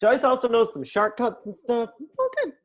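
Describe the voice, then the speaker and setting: A woman's voice: a little high, moderate pace, muffled recording. A woman playing her character in a tabletop role-playing game, playful and joking with her group. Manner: playful, laughing, very animated. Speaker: player.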